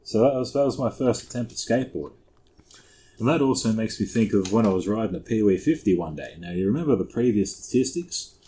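A man's voice: lowish voice, expressive, a little fast, mellow, poor audio. A young Australian man, co-host of a podcast, telling stories in a casual, sweary, laid-back way. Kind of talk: casual storytelling chat.

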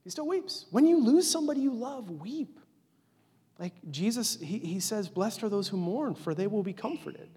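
Man, pastor, forties, preaching, earnest, conversational, husky voice, long hall reverb. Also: high voice, expressive, normal speed. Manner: earnest, conversational, with many "like" fillers, dropping to a hush at tender points. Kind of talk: sermon.

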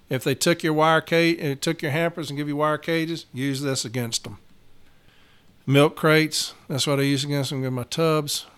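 A man's voice: a little high, fairly bright tone, smooth. A man, a union steward talking blunt and profane in a casual podcast monologue, getting fired up.

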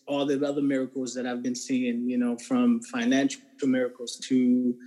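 A man's voice: medium pitch, little pitch movement, moderate pace, mellow, rough recording. A man being interviewed, telling his personal faith testimony in a casual, earnest way and often checking in with "right?". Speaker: interview guest.

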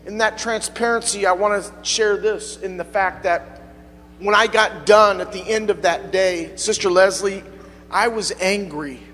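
A man preaching a sermon as pastor in a church, speaking with fervent call-and-response, sometimes quiet and sometimes swelling into passionate peaks. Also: high-pitched, measured pace, big-room sound. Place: church sanctuary.

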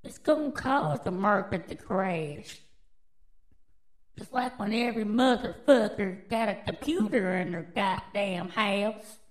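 A woman with a medium-pitched voice, heard over poor audio, hosts a podcast. She's an adult with children, riffing on news stories in a brash, profane drawl as casual commentary.

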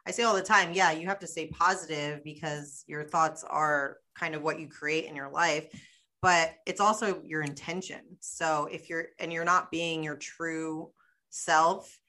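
A woman's voice: sits low, fairly even intonation, measured pace, sharp tone. A woman hosting a podcast in casual chat, blunt and outspoken, laughing easily. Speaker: podcast host.

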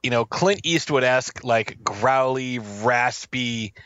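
A man's voice: mid-range voice, takes it slowly, a bit bright, smooth, no echo, lo-fi sound. A man co-hosting a film podcast, chatting casually and jokingly, rambling with many fillers. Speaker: podcast co-host. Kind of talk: casual film review chat.

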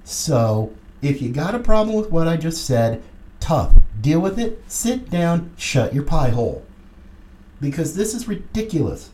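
Middle-aged political podcast host; combative and sarcastic with a mellow voice. Recorded in a roomy, echoey space. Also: mid-range voice. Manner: combative and sarcastic, lively emphasis. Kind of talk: political commentary monologue.

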